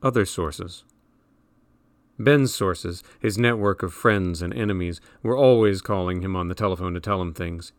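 Low-voiced male audiobook narrator. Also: normal speed, few pauses, dry recording.

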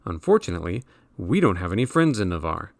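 A man's voice: deep voice, big pitch swings, fast talker, creaky, no room sound, exaggerated voice. A man doing a bossy know-it-all teenage brother. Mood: lecturing. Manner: bossy, explaining.

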